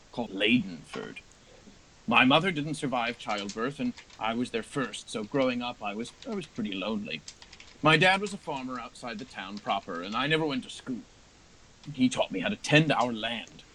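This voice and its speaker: A man's voice: medium pitch, sharp tone, a little hiss or hum, low-quality recording. A man voicing a dying old bearded man who solemnly tells a story from his youth. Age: older. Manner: slow, grave storytelling.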